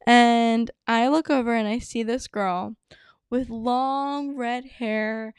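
A woman's voice: a little high, steady tone, slow, clean tone, no room sound, studio quality. A young woman in her twenties hosting a solo podcast, chatty and bubbly, with lots of casual fillers. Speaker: podcast host.

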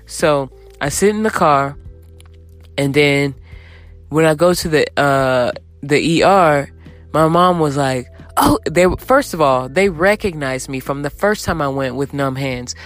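A young woman telling a candid storytime to her viewers, chatty and animated, acting out quotes as she goes. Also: low-pitched, measured pace, soft background music. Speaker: vlogger. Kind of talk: casual storytime.

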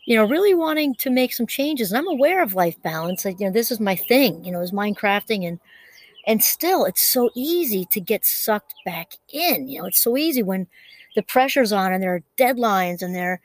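A woman's voice: mid-range voice, lively intonation, normal speed. A woman in her fifties talking through a casual, reflective solo monologue, rambling with frequent fillers and restarts. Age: 50s. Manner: rambling, full of "you know" and restarts.

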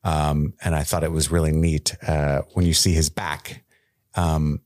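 A man's voice: rumbling low, a little slow. A man co-hosting a podcast, talking casually and animatedly about a TV episode, joking and swearing. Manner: animated, profane, jokey. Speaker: podcast co-host. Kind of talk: casual chat reviewing a TV episode.

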